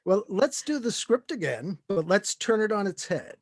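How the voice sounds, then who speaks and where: A man's voice: high voice, very animated, normal speed, a little hiss or hum. Playful man moderating a panel. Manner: playful, directing others. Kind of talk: convention panel chat. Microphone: video call.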